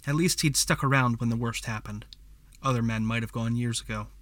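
A man reads a fantasy story aloud in the even, measured pace of audiobook narration. His voice is bright and crisp, and it sits dry and close to the mic with no room sound. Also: medium pitch, no room sound.

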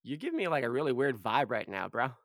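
Sarcastic man with a lively pitch. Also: a little fast, dry recording, clean studio sound. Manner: sarcastic, teasing. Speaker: player. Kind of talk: casual role-play banter.

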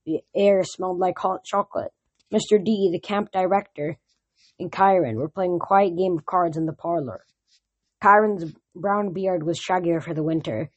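Husky woman reading a novel aloud. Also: fairly low pitch, a little mellow. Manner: plain first-person narration with small restarts. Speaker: reader.

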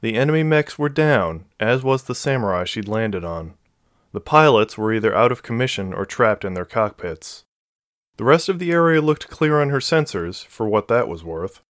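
A man narrating a science-fiction novel in a steady, measured reading. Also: mid-range voice, no echo. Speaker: audiobook narrator. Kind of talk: scripted narration.

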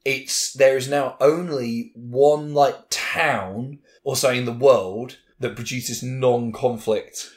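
A man's voice: medium pitch, steady tone, slow pace, hardly any pauses. A man co-hosting a podcast, mixing loose, swearing banter with storytelling about history. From Ireland. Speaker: podcast co-host. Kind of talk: casual chat and history storytelling.

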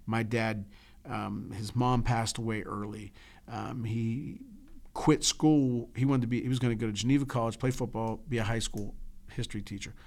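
A man co-hosting a casual chat podcast, telling a heartfelt family story with halting restarts and an emotional edge. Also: medium pitch, fairly even intonation, gravelly, a little mellow. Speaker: podcast co-host.

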